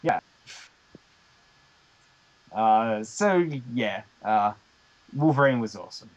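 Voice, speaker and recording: A man's voice: fairly low pitch, lively intonation, takes it slowly, muffled recording. A man, joking and laughing as co-host of a casual podcast chat. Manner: jokey, laughs often.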